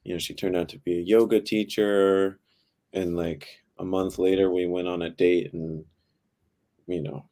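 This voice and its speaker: Low-voiced young man telling stories. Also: moderate pace. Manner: relaxed storytelling with frequent "like" fillers. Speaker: podcast guest. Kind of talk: casual chat.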